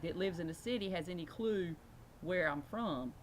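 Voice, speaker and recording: A young woman with an Eastern Shore Virginia accent, telling animated stories in a casual interview. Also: lowish voice, normal speed, slight background noise. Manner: animated, mimics voices in anecdotes. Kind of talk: casual storytelling.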